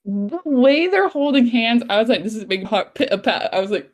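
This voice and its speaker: A woman co-hosting a casual podcast, gushing excitedly and acting out her own reactions. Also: fairly high pitch, a little fast, hardly any pauses. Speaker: podcast co-host. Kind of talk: casual chat.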